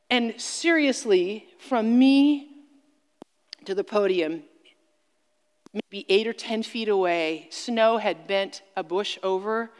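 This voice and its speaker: A woman's voice: mid-range voice, takes it slowly, smooth. A woman speaker telling a dramatic story and preaching on stage, with emphatic exclamations, heard through a stage sound system in a large hall. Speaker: conference speaker. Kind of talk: sermon-like storytelling talk. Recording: long reverb of a large hall.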